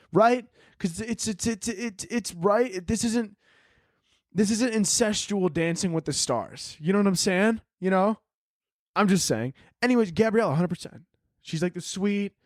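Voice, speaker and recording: A young man hosts a solo podcast in an animated, profanity-laced rant. His voice sits high for a man, and the recording is dry and close with no room echo. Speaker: podcast host.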